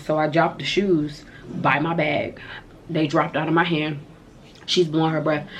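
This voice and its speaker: A woman's voice: low-pitched, a little hiss or hum. A young woman vlogger telling a story to her viewers in a candid, slangy and emphatic way. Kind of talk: storytime vlog.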